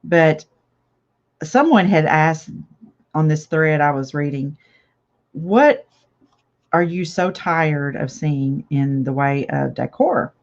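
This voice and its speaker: A chatty older woman with a drawl talks slowly in a lowish voice while she paints on a live craft stream. She reads viewer comments aloud and laughs easily. The sound is dull and lo-fi. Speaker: craft channel host. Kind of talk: casual live craft chat.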